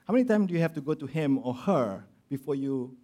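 A man preaching a sermon, building to loud emphatic lines and then dropping low and quiet to stress a point. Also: lively intonation, fairly quick. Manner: acts out quoted voices of grumblers and of Jesus. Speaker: pastor.

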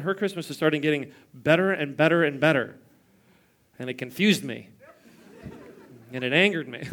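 A man's voice: high voice, a bit bright. A man in his thirties preaching a sermon in church, telling stories with playful mimicry and chuckles. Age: 30s. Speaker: pastor.

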